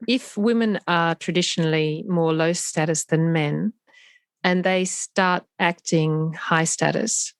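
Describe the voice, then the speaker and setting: A woman's voice: fairly low pitch, steady tone, slow, smooth, dry recording. A woman hosting an interview on a video call, hesitant with stumbling restarts as she asks questions. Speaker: interviewer, host.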